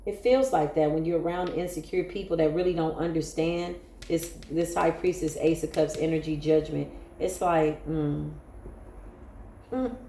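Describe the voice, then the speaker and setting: A woman's voice: sits low, warm tone, reverberant, a little hiss or hum. A woman giving an emotional, emphatic spiritual tarot reading, often breaking into exclamations. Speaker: tarot reader.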